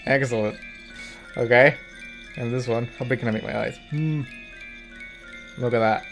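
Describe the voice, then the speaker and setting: A man's voice: medium pitch, steady tone, moderate pace, fairly bright tone, faint music behind. A man streaming as a VTuber, chatting casually and often breaking into laughter. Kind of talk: casual livestream chat.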